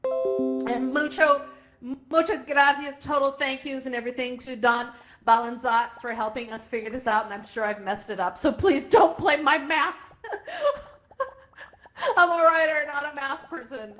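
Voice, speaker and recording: A woman speaking as organizer at a conference closing ceremony, excited and emotional, laughing often. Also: high voice, a little slow, soft background music. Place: virtual reality event.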